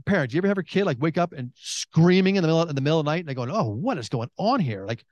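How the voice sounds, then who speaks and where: Emphatic middle-aged preacher, slightly high voice. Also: male voice, very fast, no echo, dull audio. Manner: emphatic, swinging from excited bursts to hushed intensity; repeats phrases and restarts. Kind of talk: sermon.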